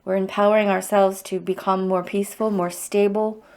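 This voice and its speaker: A woman's voice: mid-range voice, level tone, moderate pace, a little mellow. A middle-aged woman hosting a livestreamed EFT tapping circle, speaking in a heartfelt, openly emotional and encouraging way. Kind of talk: livestream guided tapping talk.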